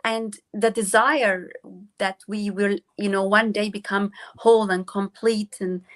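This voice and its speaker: A woman guest on a talk show, speaking reflectively and haltingly with many pauses and fillers. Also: mid-range voice, fairly even intonation, fairly bright tone. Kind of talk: casual reflective chat.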